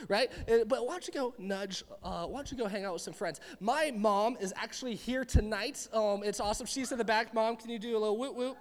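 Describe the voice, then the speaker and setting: A young man preaching a sermon to a live audience in a church hall, in a chatty, animated, rambling way. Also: high voice, fast talker, hardly any pauses. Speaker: pastor. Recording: long reverb of a large hall.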